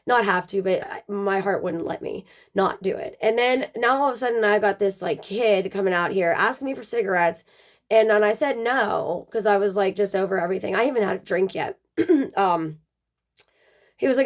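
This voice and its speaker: A woman's voice: medium pitch, normal speed. A woman casually telling a personal story, rambling with plenty of "um" and "like" fillers.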